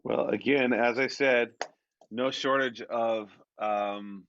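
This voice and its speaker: A man's voice: medium pitch, fairly even intonation, slow pace, a bit bright. A man reviewing songs for a music platform in casual chat, rambling and repeating words as he searches for them. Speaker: A&R song reviewer. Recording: dull, muffled dry sound.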